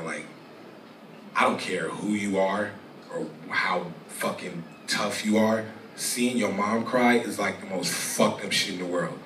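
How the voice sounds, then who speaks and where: A young man telling a personal story as a guest in a live interview, rambling and profane with halting restarts. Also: sits low, noisy background. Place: live venue stage. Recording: echoey room, distant mic, audience ambience.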